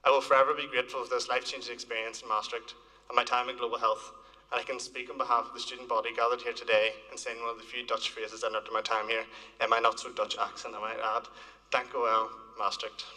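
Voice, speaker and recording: A man's voice: medium pitch, flat delivery, quick pace, pushed and bright. A young man from Northern Ireland giving an earnest, lightly joking graduation speech at a podium in a large hall. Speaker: graduating student speaker. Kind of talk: ceremony speech. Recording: reverberant hall.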